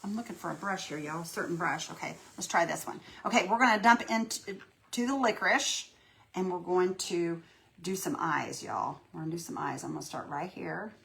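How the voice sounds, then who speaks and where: A woman's voice: lowish voice, a little fast, vocal fry, fairly bright tone. A woman hosting a casual live painting tutorial, folksy and chatty, greeting viewers by name and talking herself through each step. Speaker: craft livestream host.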